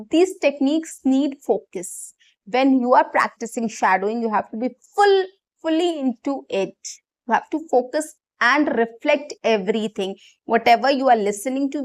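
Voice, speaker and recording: A woman teaching English online, explaining a technique step by step and often checking in with "okay" and "right". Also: fairly high pitch.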